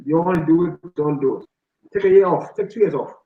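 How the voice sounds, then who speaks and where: A man's voice: a little high, brisk. A man in his forties hosting a casual chat, telling stories and acting out what people said. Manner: lively storyteller who acts out quotes. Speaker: show host. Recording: roomy, dull lo-fi sound.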